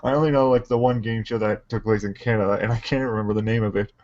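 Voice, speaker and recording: A man's voice: fairly low pitch, fairly even intonation, quick pace, darkish tone. A man who is a guest on a livestream, chatting casually and rambling, with laughs in the middle of his sentences. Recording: dull lo-fi stream audio.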